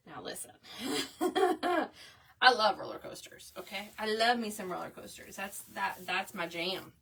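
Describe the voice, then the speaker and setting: A woman's voice: medium pitch, animated, moderate pace, a bit bright. A woman, telling a chatty story to viewers while she makes a craft piece. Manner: chatty, addresses viewers as y'all, frequent "okay?". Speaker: craft video host. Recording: voice a bit far from the mic.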